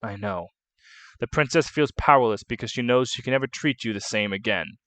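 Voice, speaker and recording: A man voicing a kindly noble knight who mentors a young man, read in a measured, earnest way. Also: medium pitch, a bit bright, no echo, natural voice.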